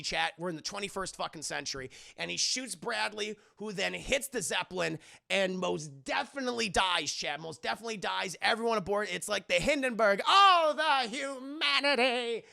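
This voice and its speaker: A young man recapping a movie for his live-stream chat in an animated, profane way, acting out the characters' lines. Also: high voice, creaky.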